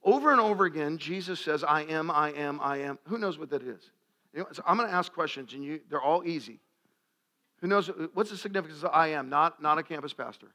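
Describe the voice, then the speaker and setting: High, bright-voiced preacher working a crowd. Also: male voice, lively intonation, quick pace. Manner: asks the crowd questions, gets loud and shouting at climaxes. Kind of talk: sermon. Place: live event before an audience.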